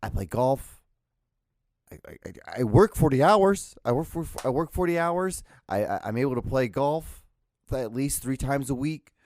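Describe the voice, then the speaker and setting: A man's voice: mid-range voice, animated, normal speed, a little mellow, no room sound. A man hosting his own solo podcast, rambling and ranting with crude, profane jokes into a close mic. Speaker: podcast host. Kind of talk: solo comedic rant podcast.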